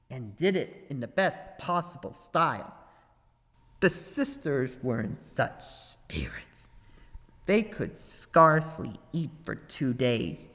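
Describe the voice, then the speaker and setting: A man reading a fairy tale aloud as a storybook narrator, expressive and unhurried. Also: a little high, in a large hall, low-quality recording. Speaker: story reader.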